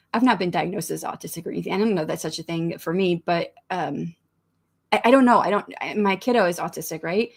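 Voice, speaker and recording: A middle-aged woman hosting a livestream, chatting casually, reading out comments and rambling with frequent restarts and small laughs. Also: fairly low pitch. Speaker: livestream host of writing sprints.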